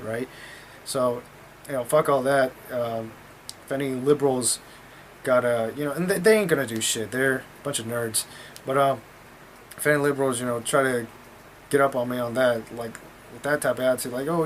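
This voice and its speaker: A man's voice: medium pitch, a little hiss or hum. A man telling a story in a casual vlog, talking in a blunt, profane, rambling way.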